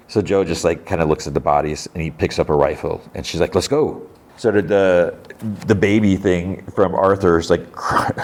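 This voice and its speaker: Male podcast host, deep voice, casual rambling recap full of fillers. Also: darkish tone. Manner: rambling retelling full of fillers and quoted lines.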